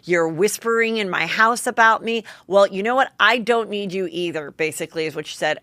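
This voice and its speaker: A woman's voice: mid-range voice, brisk, few pauses, bright, forceful tone, no echo. Chatty woman host, candid and dry-voiced. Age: 40s. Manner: chatty and candid, swears freely, acts out quotes. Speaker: podcast host. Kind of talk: solo gossip podcast monologue.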